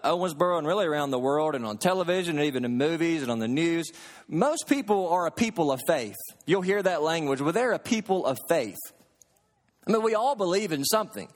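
A man preaching a sermon as pastor, folksy and storytelling, in a church sanctuary. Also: fairly high pitch.

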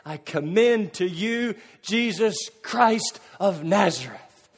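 Man, pastor, high voice, middle-aged, fervent sermon, swells loud then drops soft. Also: animated, slow pace, slightly rough.

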